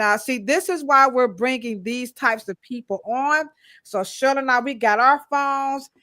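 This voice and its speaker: Lively woman hosting a live podcast. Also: on the high side. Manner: lively, greets viewers in the chat by name; casual, slangy American speech. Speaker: podcast co-host. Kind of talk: live-stream podcast chat.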